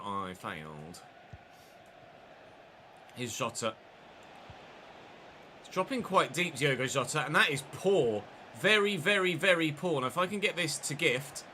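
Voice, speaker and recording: A man's voice: mid-range voice, sharp tone, a little hiss or hum. A man live-streaming a football game, giving play-by-play commentary with chatty asides to viewers. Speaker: gaming streamer.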